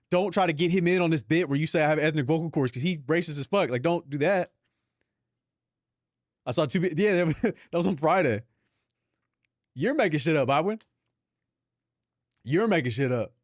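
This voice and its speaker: A young Filipino man banters loosely with his live stream audience, swearing freely and breaking into laughs. His voice sits a little high, and the close mic sounds dry. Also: expressive, moderate pace, pauses often, dry recording. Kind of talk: casual stream chat.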